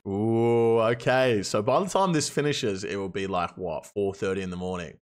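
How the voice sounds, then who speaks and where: A man hosting an online game event, cheering players on with excitable commentary and chatting with them. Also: lowish voice, normal speed. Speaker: host running a game event. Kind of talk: excited live-stream commentary and interviews.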